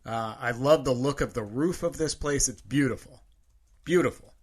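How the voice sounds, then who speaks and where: A man's voice: medium pitch, normal speed. Dry-humored man co-hosting a podcast. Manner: dry, joking asides. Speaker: podcast co-host. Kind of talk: casual chat.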